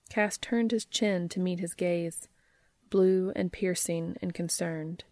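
A woman reading a story aloud in a soft, measured way. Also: lowish voice, no echo. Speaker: narrator.

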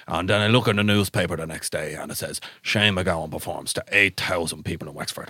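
A man's voice: deep voice, quick pace, bright, forceful tone, breathy edge, dry recording, clean studio sound. An Irish man co-hosting a comedy podcast, telling long rambling anecdotes. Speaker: podcast co-host. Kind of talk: comedic storytelling.

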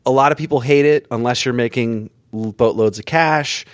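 A man's voice: mid-range voice, normal speed, dry recording, clean studio sound. A man chatting casually on a podcast, telling rambling, self-mocking stories. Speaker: podcast guest. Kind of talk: casual chat.

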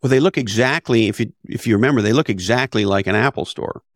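This author and business advisor talks fast in a mid-range voice, captured in a dry, studio-quality recording. Appearing as a podcast guest in a conversational interview, he's blunt and emphatic, peppering his talk with rhetorical questions and casual swearing.

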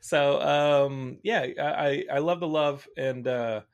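Male podcast host, rambling, animated, casual chat. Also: on the high side, slow. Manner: rambling, animated storytelling, reads out viewer comments.

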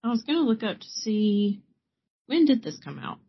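A woman's voice: on the high side, big pitch swings, moderate pace, breathy edge, no echo, lo-fi sound. A woman in her thirties co-hosting a podcast, telling stories in casual chat while watching a film. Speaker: podcast co-host. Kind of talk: casual chat during a movie watch-along.

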